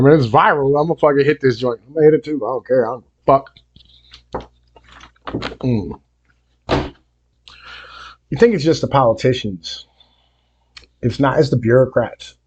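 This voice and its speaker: Husky man ranting. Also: lowish voice, dull audio. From Appalachia. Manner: profane, rambling, full of fillers like "you know what I mean"; grows heated and louder as he rants. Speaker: music reaction video host. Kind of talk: casual reaction rant.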